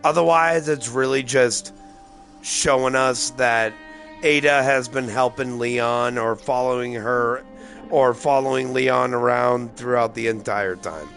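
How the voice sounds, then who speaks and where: A man's voice: medium pitch, steady tone, unhurried, vocal fry, fairly bright tone, faint music behind. A man rambling loosely and profanely through casual gameplay commentary, tipsy and slightly slurring his words. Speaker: gaming streamer.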